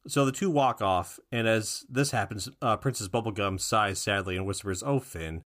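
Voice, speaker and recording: A man co-hosting a podcast, casually recapping a cartoon episode in a relaxed way, with fillers and restarts. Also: on the low side. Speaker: podcast co-host.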